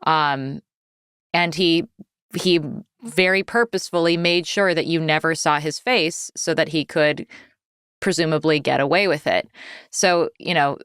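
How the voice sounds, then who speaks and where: Woman host, low voice, very crisp and resonant, dry close sound, reflective. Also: fairly bright tone, no room sound. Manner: reflective and measured, thinking aloud. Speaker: podcast host. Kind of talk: interview talk.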